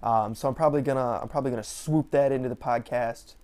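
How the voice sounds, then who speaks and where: A man's voice: mid-range voice, fast talker, darkish tone. A man hosting a podcast, telling stories in a chatty, rambling way with lots of fillers and restarts. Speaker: podcast host. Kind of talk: casual storytelling monologue. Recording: distant mic with faint background noise.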